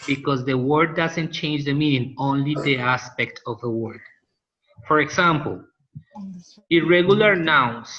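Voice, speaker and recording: Man, bright voice, patient teacher, lo-fi online-call sound. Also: fairly high pitch, unhurried. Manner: patient, asks students questions and repeats answers. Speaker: linguistics teacher. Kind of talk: classroom lecture over a call. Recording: dull lo-fi call audio.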